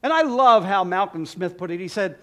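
A man preaching a sermon in a lively, humorous way, often laughing at his own jokes. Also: sits high, moderate pace.

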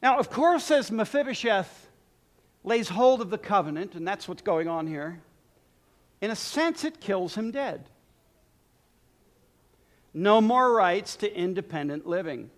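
Male preacher, sermon, high voice, animated and joking. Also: unhurried, pauses often. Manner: lively, humorous, laughs at his own jokes.

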